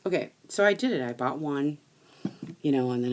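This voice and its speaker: A woman's voice: low voice, animated, moderate pace, low-quality recording. A woman hosting a live crafting stream, chatting bluntly with viewers and laughing often as she works. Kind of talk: casual chat while crafting.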